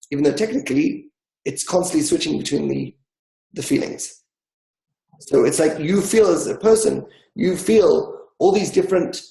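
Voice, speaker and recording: A man's voice: fairly high pitch, creaky, dark tone, reverberant, rough recording. A man teaching a discussion class, explaining with everyday examples and acting out inner dialogue.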